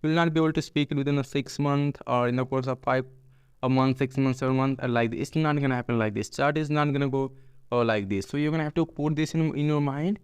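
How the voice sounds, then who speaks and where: A man's voice: mid-range voice, quick pace, clean tone, no echo, studio quality. A man, a his first, giving a casual lesson to camera, full of fillers and restarts. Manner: hesitant, many fillers and restarts. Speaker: English tutor. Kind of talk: casual teaching talk to camera.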